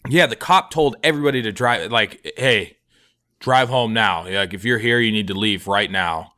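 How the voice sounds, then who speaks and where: A man's voice: fairly low pitch, moderate pace, sharp tone. A man in his twenties on a comedy podcast, telling a story in a rambling, profane way, full of fillers. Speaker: podcast co-host. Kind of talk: casual storytelling chat.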